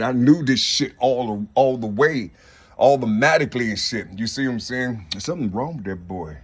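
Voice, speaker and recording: A middle-aged man rambling on in a profane, repetitive monologue outdoors, swinging between loud boasting and low mumbling. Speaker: vlogger. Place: outdoors among trees.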